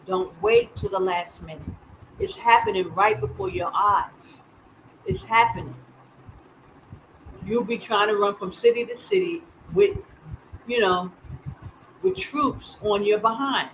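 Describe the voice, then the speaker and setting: Live-stream host, urgent and repetitive, medium pitch, faint background noise. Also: big pitch swings, a little slow, long pauses, a bit bright, poor audio. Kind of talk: live news commentary.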